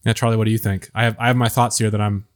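A man hosting a casual Bible study podcast, talking in a hesitant way with many pauses and fillers. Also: lowish voice, flat delivery. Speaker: podcast host leading discussion.

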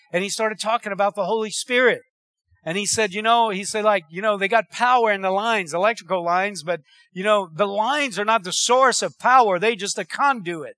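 A man's voice: sits high, sharp tone, no room sound. A man preaching a sermon, telling stories and calling out for amens. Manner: preacherly, calls for amens, conversational storytelling. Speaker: pastor.

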